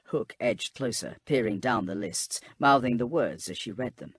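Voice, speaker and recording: A man narrating a calm bedtime sci-fi audiobook in a steady, husky voice. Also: medium pitch, moderate pace.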